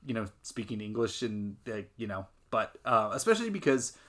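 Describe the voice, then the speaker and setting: Laughing podcast man, bright voice. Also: on the low side, very animated, moderate pace. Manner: laughs often, thinks aloud with many fillers. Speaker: podcast co-host. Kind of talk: casual film discussion.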